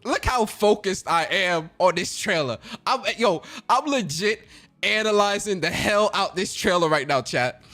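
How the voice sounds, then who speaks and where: A man hosting a casual reaction video, talking in excitable slang and laughing a lot. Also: high voice, a little slow, soft background music. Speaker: host.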